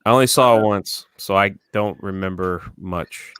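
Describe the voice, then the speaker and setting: A man's voice: on the low side, moderate pace, a bit bright, clear, resonant tone, dry recording. A man from Florida, chatting casually as a guest on a livestream. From Florida, United States.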